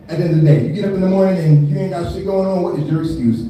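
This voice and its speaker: A man's voice: high voice, quick pace, mellow. A man in his thirties doing a live stand-up set, talking loose and profane, laughing often and leaning on filler tags. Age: 30s. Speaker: stand-up comedian. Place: live comedy venue. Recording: echoey room from far off.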